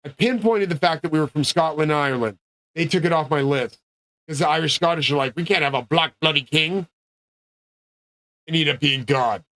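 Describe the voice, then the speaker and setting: Guy ranting grandiose and cussing, a bit high voiced, dry sound. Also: a little fast, fairly bright tone, dry recording. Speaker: streamer. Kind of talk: rambling solo monologue.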